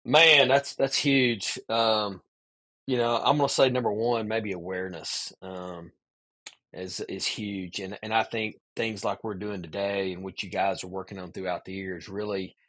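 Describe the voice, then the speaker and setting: A man's voice: fairly low pitch, measured pace. A man, a podcast guest, casually telling a long story with lots of "man" asides. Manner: animated storyteller, peppers speech with "man".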